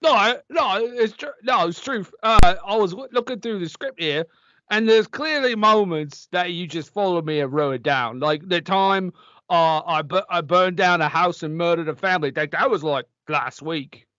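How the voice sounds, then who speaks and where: A man playing a rambling, self-absorbed male movie star with a Cockney accent, talking with oblivious deadpan boasting. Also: high voice, normal speed, no echo, lo-fi sound.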